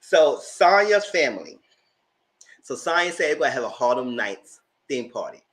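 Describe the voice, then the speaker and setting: A man giving a casual live recap of a reality episode. His voice rises and falls a lot as he retells scenes. He laughs easily and talks loosely. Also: normal speed. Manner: animated, laughs a lot, acts out quotes in a high voice. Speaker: show reviewer.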